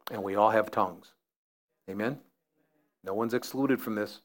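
A man's voice: lowish voice, normal speed. A man preaching a sermon as pastor, building emphasis through repeated phrases.

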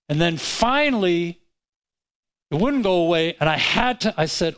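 A man delivers a sermon as a personal story, his voice sitting a little high. He tells it in an animated way, acting out his own words as he goes. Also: normal speed, smooth, rough recording. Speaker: pastor.

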